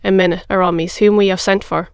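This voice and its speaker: A narrator doing a bold young cavalier. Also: male voice, high-pitched, level tone, gravelly, clean tone, no room sound, clean studio sound. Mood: brisk. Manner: brisk and commanding. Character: young male gallant cavalier, bold and charming.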